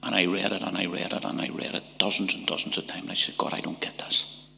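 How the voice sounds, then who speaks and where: A middle-aged man with a Northern Irish accent giving an emotional church testimony, halting and repeating words, sometimes dropping to a whisper. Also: low-pitched, flat delivery, creaky, pushed and bright, slight background noise. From Northern Ireland. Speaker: testimony speaker. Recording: church hall reverb.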